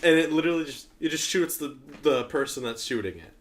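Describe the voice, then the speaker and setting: A man's voice: fairly high pitch, expressive, fairly quick. A man in casual chat, joking and riffing on wild hypotheticals. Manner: jokey, riffs on wild ideas.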